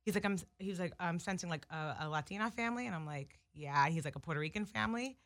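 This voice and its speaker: A young woman from New Jersey, a podcast co-host, telling a story in casual chat, animated and saying "like" a lot. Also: on the low side, fast talker. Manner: animated, sprinkles "like" often, laughs while telling.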